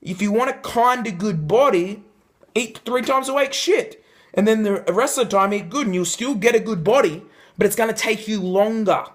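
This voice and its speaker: A young man coaching viewers in an emphatic motivational talk to camera, shifting his pitch for effect. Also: moderate pace. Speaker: life coach.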